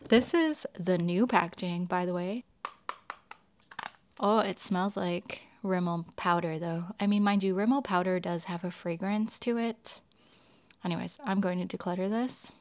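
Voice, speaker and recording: A woman's voice: on the low side, unhurried, a little mellow. A young woman beauty vlogger in casual chat to camera, chatty and exclaiming as she talks through each item.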